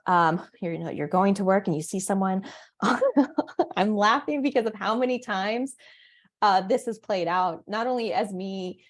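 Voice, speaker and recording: A woman parent coach hosting a podcast, explaining ideas in a reflective way, laughing at her own examples and acting out short dialogues in a higher voice. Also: darkish tone. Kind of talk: solo podcast teaching.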